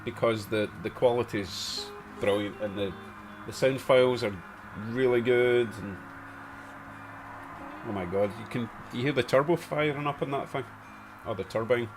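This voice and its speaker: Glaswegian man, casual live-stream host, chatty, mid pitch, clear music behind. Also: normal speed. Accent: Glaswegian Scottish. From Scotland. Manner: chatty, reads out chat comments, chuckles to himself. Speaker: model railway livestream host.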